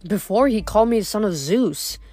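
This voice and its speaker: A woman's voice: medium pitch, lively intonation, normal speed, darkish tone, faint music behind, natural voice. A woman reading the part of a teenage demigod boy who speaks hesitantly and politely. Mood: unsure.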